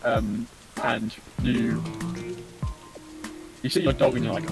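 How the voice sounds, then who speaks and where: A young man in casual chat, rambling and stumbling over words with deadpan dark jokes. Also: medium pitch, takes it slowly, gravelly. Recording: music playing behind.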